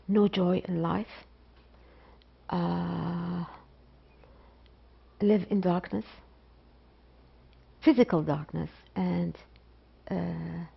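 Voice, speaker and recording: A middle-aged woman from Iraq, a biology professor speaking slowly and haltingly in an interview, with pauses and repetitions. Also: on the low side, gravelly, slightly rough. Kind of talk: interview testimony. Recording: dull lo-fi interview recording.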